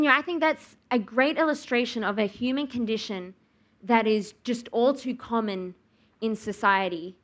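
A young woman preaching a sermon, telling a personal story and acting out her own reactions. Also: a little high. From Australia. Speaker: speaker at church.

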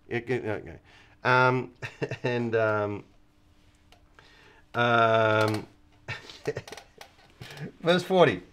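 A man's voice: medium pitch, extremely slow, long pauses, fairly bright tone, smooth. A man teaching the Bible in a casual chat. He laughs often and acts out the voices of the people he quotes.

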